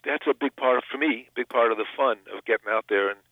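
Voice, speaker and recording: A man's voice: mid-range voice, fast talker, no room sound. An older man, an actor and comedian, chatting in a phone interview, self-deprecating and full of restarts. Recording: tinny phone line.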